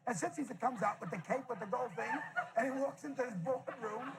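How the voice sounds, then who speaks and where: A male comedian telling an animated anecdote to a live audience on a televised stage, repeating phrases for emphasis. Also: very high-pitched, fairly quick, creaky, heavy background noise.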